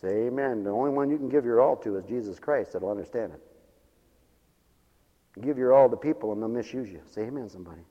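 A man's voice: mid-range voice, fast talker, warm tone, in a large hall, highs cut off. A man preaching a humorous revival sermon in a church, folksy and joking, calling for amens from the congregation.

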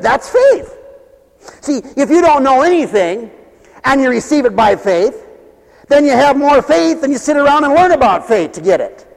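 High-voiced, folksy radio preacher man. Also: very animated, normal speed, long reverb tail, rough recording. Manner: emphatic, folksy, acts out voices, chuckles. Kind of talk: radio sermon.

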